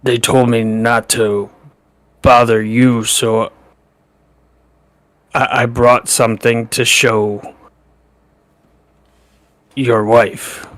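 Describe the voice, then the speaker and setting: Nervous half-orc hero for a tabletop game, very slow, fumbling, dry and close, voiced by a man. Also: medium pitch, flat delivery, fairly bright tone, no room sound. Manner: hesitant and fumbling. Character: nervous young male half-orc adventurer.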